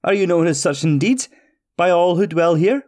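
A man voicing a cheerful, fussy little male traveller in a storybook tale, with an eager, quick, high manner. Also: big pitch swings, darkish tone.

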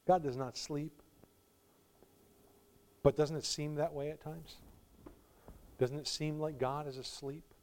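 A male pastor preaching a sermon, swinging from quiet reflection to loud, pleading emphasis, with warm laughs between points. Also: fairly high pitch, steady tone, slow pace, pauses often.

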